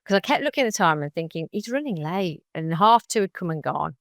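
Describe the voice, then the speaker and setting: With a low voice, vocal fry, and a quick pace, a woman tells her story as a podcast interview guest, animatedly acting out others' lines. The clean studio sound has no echo.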